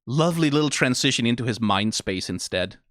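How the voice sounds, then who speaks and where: A channel host giving excitable, profane, rambling reaction commentary on an animated episode. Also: medium pitch, brisk, no echo, clean studio sound. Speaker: video reactor.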